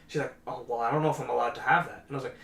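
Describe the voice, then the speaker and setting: Guy rattling off a story real quick, lots of "like", echoey room. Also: medium pitch, steady tone, gravelly, a bit bright. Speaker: podcast co-host. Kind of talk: casual chat.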